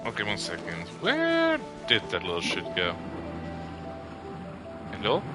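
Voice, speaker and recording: A man streaming a video game live, chatting casually, swearing and reacting loudly. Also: fairly low pitch, huge pitch swings, measured pace, over music. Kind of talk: casual livestream gaming chat.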